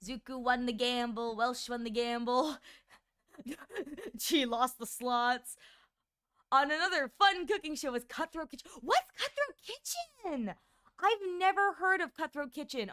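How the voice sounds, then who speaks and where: A young woman streamer chatting casually with viewers, rambling and animated, often stammering and restarting her words, with a voice she calls shrill. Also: clear, resonant tone.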